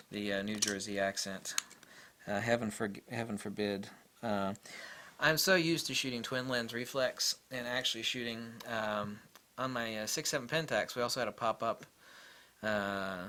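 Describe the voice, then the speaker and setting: A man's voice: on the low side, pushed and bright. A man giving a rambling, enthusiastic camera review in a casual way, full of fillers and restarts.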